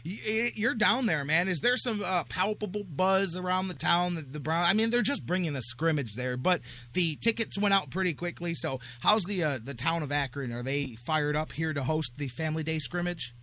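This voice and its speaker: Bright-voiced chatty sports radio host man. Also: fairly high pitch. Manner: chatty, joking, quick asides. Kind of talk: casual sports talk radio.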